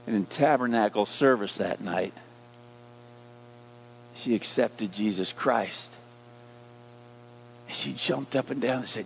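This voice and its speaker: A man's voice: fairly low pitch, slow pace, vocal fry, long pauses, slightly rough. A man preaching a sermon as pastor, emphatic, putting questions to his congregation. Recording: dull lo-fi recording.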